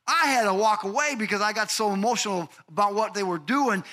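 An older male pastor preaching with fervor, his voice a touch high and bright with a forceful edge. He calls out members of the congregation by name and swells into shouted, almost sung peaks. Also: brisk, hardly any pauses. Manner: builds to shouted, sing-song climaxes. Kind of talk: sermon.

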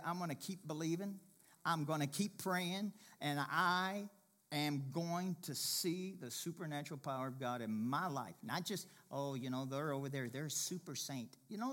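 High, bright-voiced preacher, impassioned. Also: male voice. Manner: impassioned preaching that swings from loud to hushed. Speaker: pastor. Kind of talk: sermon.

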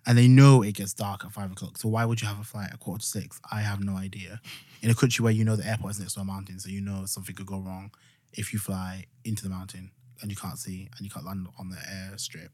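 A young man from Yorkshire, England, co-hosts a podcast in casual chat, speaking fast in a low voice recorded dry and close with no echo. He rambles through his stories, full of "like" and false starts, growing animated as he retells them.

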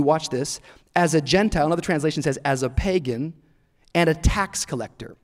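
A man in his thirties preaching a sermon in a church, an animated storyteller who acts out voices and laughs often. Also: fairly high pitch, brisk. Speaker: pastor. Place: church auditorium. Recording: large hall reverb.

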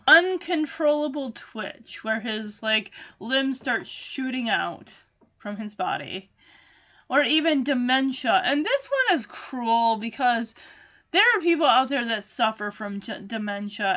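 A woman casually recapping a cartoon episode, sarcastic and animated, slipping into quick voices for the characters. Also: fairly high pitch, muffled recording. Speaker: cartoon reviewer.

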